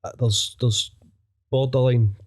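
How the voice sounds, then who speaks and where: A man's voice: mid-range voice, steady tone, takes it slowly. A young man with a Glaswegian accent, a guest comedian chatting casually on a podcast, sweary and rambling, laughing often. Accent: Scottish, Glaswegian.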